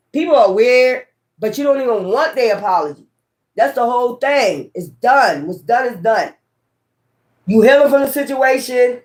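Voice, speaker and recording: A woman tarot reader chatting casually and bluntly to her viewers, swearing freely and repeating herself for emphasis. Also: sits high. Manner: repetitive, talks straight to viewers. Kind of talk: casual tarot reading chat.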